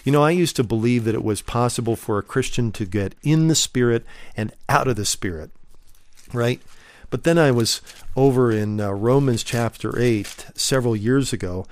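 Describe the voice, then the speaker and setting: A man's voice: mid-range voice, normal speed, no room sound. Earnest preacher man, dry close sound. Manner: earnest, emphatic, addresses listeners as friends; rhetorical questions, stretches words for emphasis. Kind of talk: sermon teaching.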